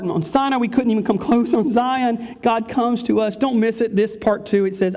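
A man's voice: very high-pitched, normal speed, few pauses, mellow. A male pastor preaching a sermon in a church, emphatic and repetitive. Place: church sanctuary.

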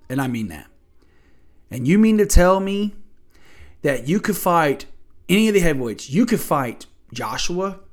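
Guy ranting on his show, cursing a lot, firing off questions, kinda high voice. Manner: profane, blunt and emphatic; argumentative, asks rhetorical questions. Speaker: podcast host. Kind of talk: opinionated sports rant.

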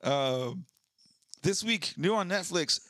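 Lively man asking playful questions. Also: a little high, slow pace, no room sound, studio quality. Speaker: podcast co-host. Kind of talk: casual comedic chat.

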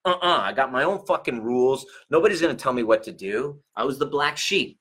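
Middle-aged male coach, husky, bright tone, profane and animated. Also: mid-range voice, brisk, few pauses. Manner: profane, animated, laughs often. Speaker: relationship coach and chiropractor. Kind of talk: casual monologue to viewers.

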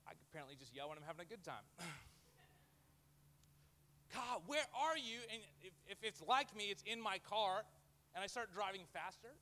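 Male pastor, high bright voice, lively joking sermon delivery. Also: fast, slight background noise. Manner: lively and jokey, acts out quoted voices. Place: church before a live audience.

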